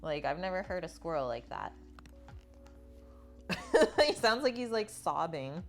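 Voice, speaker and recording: A woman's voice: lowish voice, big pitch swings, measured pace, faint music behind. A woman hosting a live cooking stream from her home kitchen, chatting with viewers and reading their comments aloud between steps. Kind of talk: live cooking demonstration with chat replies.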